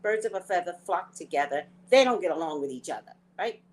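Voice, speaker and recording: A woman hosting a spiritual talk show, telling stories in a casual, animated way, often laughing and acting out her own thoughts. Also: lowish voice, a little fast, poor audio. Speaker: psychic reader and show host.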